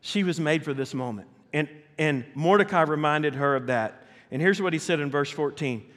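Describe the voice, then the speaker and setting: A man preaching a storytelling sermon, animated and talking straight to his congregation. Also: on the high side, moderate pace. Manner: animated, addresses the congregation directly. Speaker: pastor. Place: church sanctuary. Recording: long reverb of a church hall.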